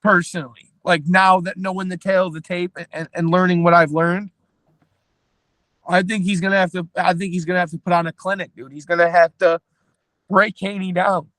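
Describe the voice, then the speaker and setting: A man's voice: high-pitched, level tone, brisk, a bit bright, no room sound. A man co-hosting a boxing podcast, talking through a fight plan in casual chat with many restarts. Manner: analytical, hesitant restarts. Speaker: podcast co-host.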